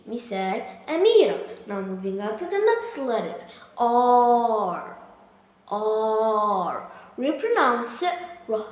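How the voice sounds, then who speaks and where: Woman, patient alphabet teacher; slow, drawn-out repeats in a very echoey room. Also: a little high, sing-song. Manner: carefully drawn-out pronunciation, repeating each example. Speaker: English teacher. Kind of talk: slow, repetitive alphabet lesson.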